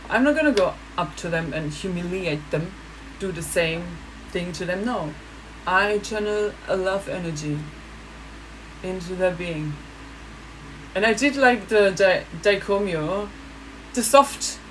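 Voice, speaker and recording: Woman vlogger, lively storyteller who laughs a lot, mid-range voice, light background hiss. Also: medium pitch, low-quality recording. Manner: animated, laughing, acts out other people. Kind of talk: casual monologue.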